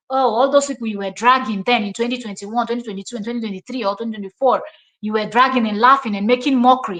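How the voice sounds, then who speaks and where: A woman with a Nigerian accent holds forth on her live stream with a slightly high voice. She scolds and repeats her points with emphasis as she reacts to a clip. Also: sharp tone.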